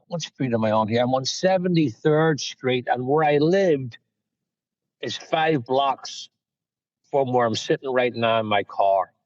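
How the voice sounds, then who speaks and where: A man's voice: medium pitch, dry recording, lo-fi sound. A man from Northern Ireland with a Northern Irish accent, a guest speaker telling his recovery story frankly, sitting in his parked car. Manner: candid, storytelling, self-mocking. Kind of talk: personal recovery talk.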